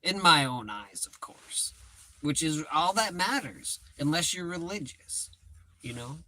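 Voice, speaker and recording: A man's voice: on the high side, animated, measured pace, pushed and bright. A man chatting casually and profanely on a livestream, rambling and joking at his own expense. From United States. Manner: rambling, profane, self-mocking. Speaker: livestream host. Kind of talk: casual live chat.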